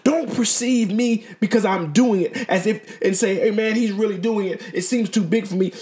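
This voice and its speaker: A man's voice: high-pitched, normal speed, hardly any pauses, a little mellow. A middle-aged man hosting a podcast, talking earnestly in a motivational monologue that stumbles and repeats words. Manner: repetitive, stumbling, earnest and exhortative. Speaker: podcast host.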